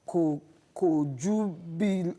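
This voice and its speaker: A woman's voice: on the low side, extremely slow, mellow. A woman co-host on a TV talk show, reading viewer tweets aloud and commenting.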